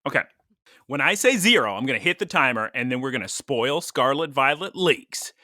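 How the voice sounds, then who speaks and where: A man co-hosting a podcast in relaxed, rambling chat, quick to laugh at his own asides. His voice is bright and forward. The sound is dry and close to the mic, with no room echo. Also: medium pitch. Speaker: podcast co-host. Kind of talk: casual chat.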